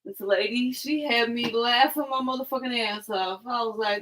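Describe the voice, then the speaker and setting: A woman's voice: fairly high pitch, moderate pace, noisy background. A woman hosting a tarot live stream, telling a rambling, profane story and laughing often.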